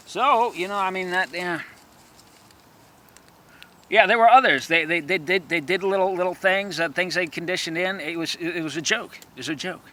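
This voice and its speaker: A man's voice: high voice, normal speed, sharp tone. A man in a rambling monologue who stammers, repeats himself and erupts into profane, threatening rants.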